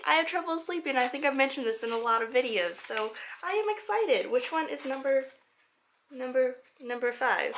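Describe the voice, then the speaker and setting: A woman chatting casually as she unboxes a package at a table, excitable and giggly, talking to the items as she finds them. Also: high voice, normal speed, a little hiss or hum. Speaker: vlogger. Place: indoors at a table.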